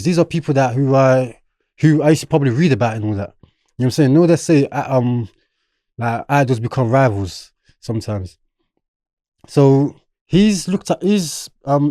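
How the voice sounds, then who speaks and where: A young South London man from London, England, appears as a podcast guest with a mid-range voice, recorded dry at studio quality. He tells a story in casual street slang, animatedly acting out what other people said.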